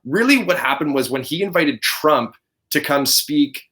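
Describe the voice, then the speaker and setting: A man in his thirties telling a story in casual chat as a podcast host, animated and laughing often. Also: on the high side, normal speed.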